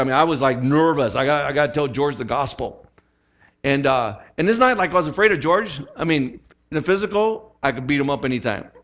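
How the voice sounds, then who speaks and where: A man preaching a sermon as pastor, telling a personal story with lively acted-out quotes. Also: medium pitch, muffled recording.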